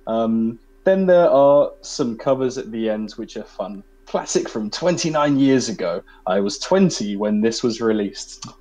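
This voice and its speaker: A man's voice: mid-range voice, expressive, measured pace, few pauses, mellow, low-quality recording. Laid-back guy reading comments. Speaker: podcast co-host. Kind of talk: casual chat, reading comments aloud.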